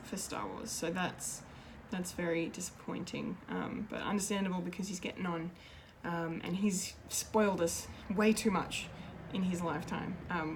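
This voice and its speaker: A woman's voice: fairly low pitch, noisy background. Gushing woman reviewing a film. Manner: gushing, emotional, full of restarts and fillers. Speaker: pop culture video reviewer. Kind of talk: unscripted film review monologue.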